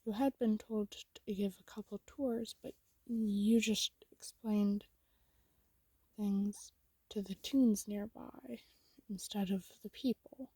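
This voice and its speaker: Slow, husky woman in whispered role-play. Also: mid-range voice, steady tone, no echo. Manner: soft and intimate, second-person storytelling. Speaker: narrator.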